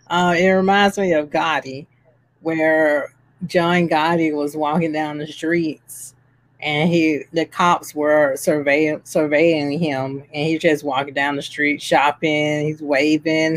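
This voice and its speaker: A podcast co-host chatting casually about films, chatty and quick to laugh. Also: mid-range voice, level tone. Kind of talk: casual film chat.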